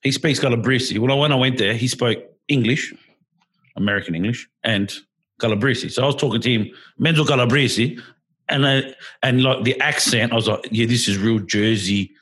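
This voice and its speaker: A man's voice: medium pitch, normal speed, husky. A man chatting casually, rambling with lots of restarts. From Australia. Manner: animated, rambling, many restarts. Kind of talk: casual podcast chat.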